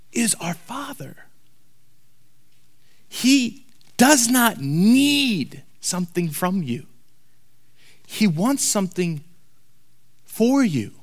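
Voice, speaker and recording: A man preaching a sermon to a congregation. He talks emphatically and repeats key lines slowly for weight. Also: very high-pitched, pushed and bright. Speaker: pastor. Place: church hall before a congregation.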